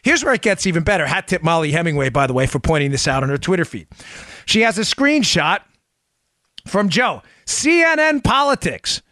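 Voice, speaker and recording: Male talk host, sarcastic and mocking, pitched a little high, swings from loud jabs to quiet asides. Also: very animated, a little fast, no room sound, studio quality. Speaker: political talk show host. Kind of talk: opinionated commentary.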